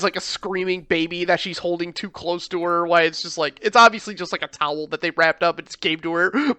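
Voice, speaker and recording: A man casually retelling a film plot, animated, swearing, and slipping into mock voices for the characters. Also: high-pitched, dry recording. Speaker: podcast co-host. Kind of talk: casual movie recap chat.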